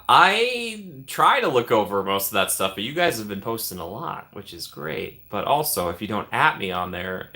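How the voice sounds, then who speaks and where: A man with a somewhat low voice and a bright, forceful edge hosts a relaxed live stream. He talks in an upbeat, chatty way and reacts to his viewers by name as their comments roll by. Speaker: streamer host. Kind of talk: casual live-stream chat reading comments.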